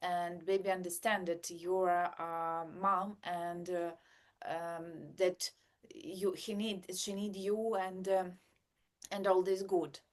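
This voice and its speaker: A woman's voice: on the low side, level tone, takes it slowly. A woman, a mother of a baby, talking in a casual podcast chat, hesitating and searching for simple words as she speaks.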